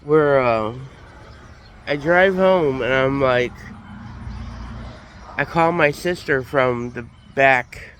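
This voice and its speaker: A man's voice: medium pitch, extremely slow, pauses often, fairly bright tone, lo-fi sound, slight background noise. A man with a congested, stuffy voice, telling a story in a casual, chatty vlog. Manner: chatty, recounts conversations as he tells them. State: congested, sick with a cold. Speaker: vlogger.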